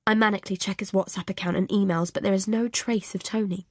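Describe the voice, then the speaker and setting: A woman's voice: medium pitch, steady tone, quick pace, no room sound, clean studio sound. A woman narrating a first-person audiobook thriller in an anxious, confessional inner voice.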